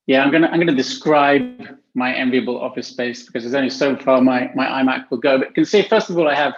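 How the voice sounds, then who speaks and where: A man's voice: mid-range voice, fast talker, lo-fi sound, soft background music. A man speaking as a guest on a video-call panel from his home office, thoughtful and sometimes restarting his sentences. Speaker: panel guest, healthy workplace specialist. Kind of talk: casual panel talk.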